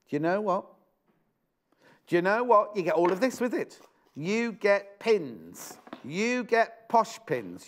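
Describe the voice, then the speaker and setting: A man's voice: sits high, a bit bright. Chatty British man selling on live TV. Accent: British English. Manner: chatty, exclamatory, repeats prices and phrases. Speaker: shopping channel presenter. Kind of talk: live TV sales presentation.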